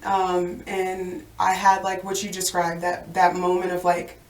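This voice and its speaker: A woman guest telling her recovery story in a halting way, with many restarts and fillers. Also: fairly low pitch, completely flat delivery, a little mellow. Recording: roomy, distant mic.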